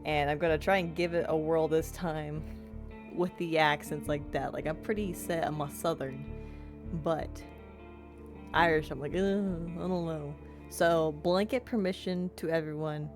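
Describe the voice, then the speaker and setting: A woman's voice: deep voice, fairly even intonation, normal speed, soft background music. A young woman streaming a game, chatting playfully and rambling about her progress. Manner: chatty, playful, self-described yapper. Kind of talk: casual let's-play chat.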